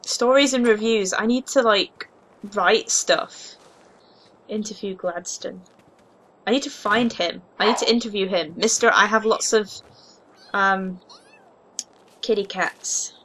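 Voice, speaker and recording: A young woman giving casual, excitable commentary while playing a life-simulation game, gushing over cute pets. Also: medium pitch, measured pace, pauses often, a little hiss or hum. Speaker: gaming video host.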